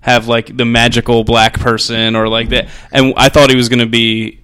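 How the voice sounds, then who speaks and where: A man's voice: medium pitch, little pitch movement, moderate pace, a bit bright, clear, resonant tone. A man in casual conversation about a film, laughing often and jumping into playful voices for the characters. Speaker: podcast co-host, plays in a band. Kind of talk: casual movie review chat.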